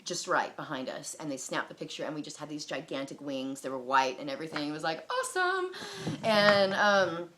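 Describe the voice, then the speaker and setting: A woman's voice: deep voice, a little fast, few pauses, a bit bright, slight background noise. A woman in her thirties telling a personal story in a casual, rambling way, full of fillers and restarts. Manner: rambling, filler-heavy, many restarts and likes. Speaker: personal testimony vlogger.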